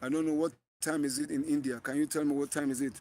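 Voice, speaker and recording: A man's voice: fairly high pitch, little pitch movement, quick pace, darkish tone. A man with a Nigerian accent hosting a live stream outdoors, talking earnestly to viewers and often repeating and restarting his phrases. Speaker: livestream host. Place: outdoors in bright sun.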